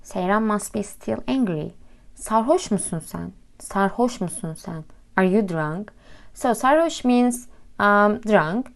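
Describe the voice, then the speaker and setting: A woman with a Turkish accent, whose first language is Turkish, teaches a language lesson and patiently explains each step, repeating words slowly. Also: mid-range voice, clean tone.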